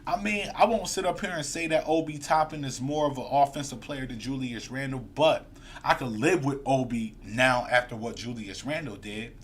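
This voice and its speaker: A man's voice: mid-range voice, moderate pace, a little hiss or hum. A man hosting a live sports fan stream, ranting heatedly and reading viewer comments aloud. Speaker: podcast host.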